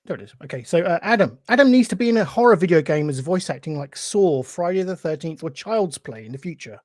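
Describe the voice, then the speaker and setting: A man's voice: a little high, lively intonation, fast, no echo, clean studio sound. A man hosting a podcast, reading listener questions aloud and answering with short, friendly agreements. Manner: affable, reads questions out, short agreeing replies. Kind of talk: casual podcast chat.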